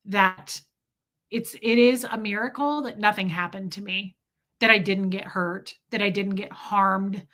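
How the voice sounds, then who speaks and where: Talking to her live chat, a streamer rambles through a frank personal story in a mid-range voice that sounds pushed and bright.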